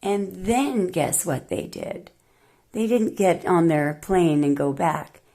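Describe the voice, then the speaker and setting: A woman's voice: lowish voice, lively intonation, slow, creaky, warm tone. A woman tarot reader delivering an emphatic, indignant monologue with many rambling restarts.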